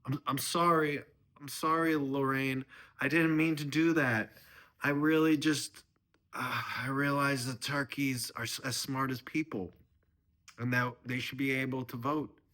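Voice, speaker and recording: A man's voice: medium pitch, steady tone, a little slow, sharp tone, voice pushed up. A man voicing an earnest son-in-law who stammers apologies in a comic dramatic reading. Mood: pleading.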